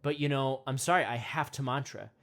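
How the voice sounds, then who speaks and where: A woman playing an excitable male self-help podcast host who rambles, repeats himself and trails off mid-thought. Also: extremely low pitch, brisk. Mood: calmer, rambling. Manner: rambling, repeats words, trails off, grunts monkey noises. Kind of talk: comedic parody meditation podcast.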